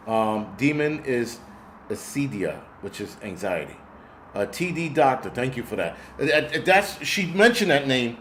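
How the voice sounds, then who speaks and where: A man's voice: mid-range voice, slight background noise. A middle-aged man hosting a casual livestream, ranting bluntly with lots of swearing and reading viewer comments. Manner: profane, blunt, rambling rant.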